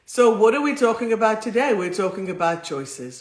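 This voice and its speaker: A woman hosting a live-streamed spiritual talk, speaking into two phones in a warm, rambling, emotional way. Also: medium pitch, animated, brisk, few pauses. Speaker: spiritual healer and host. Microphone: two phones streaming at once. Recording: roomy echo.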